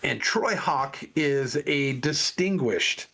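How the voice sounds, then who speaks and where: A podcast co-host rambles through a long story in casual chat, restarting often and leaning on fillers. His medium-pitched voice is animated yet slow, creaky, and sharp in tone.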